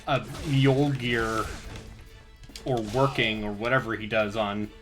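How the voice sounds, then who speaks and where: A young man streaming a game and chatting with friends, sarcastic and quick to swear. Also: on the low side, fairly even intonation, a bit bright, soft background music. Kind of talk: casual gaming chat.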